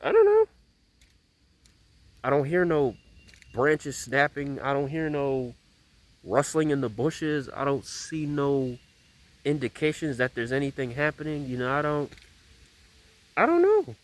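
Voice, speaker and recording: A man's voice: medium pitch, steady tone, unhurried. A man telling a story in a casual vlog from a small bridge outdoors, rambling and emphatic, repeating himself often. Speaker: vlogger.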